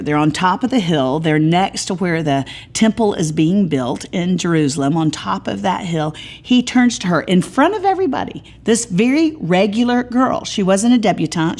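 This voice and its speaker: Middle-aged woman, Bible teacher, slightly low voice, chatty humorous storyteller. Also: moderate pace. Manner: lively storytelling with humorous asides. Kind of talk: sermon-style Bible teaching.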